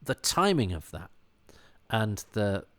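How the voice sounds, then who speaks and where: British man, low voice, meandering podcast talk, lots of restarts, brief laughs. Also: big pitch swings, takes it slowly, a bit bright. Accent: British English. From Britain. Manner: rambling, many false starts and repeats; chuckling asides. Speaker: podcast commentator. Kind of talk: casual chat.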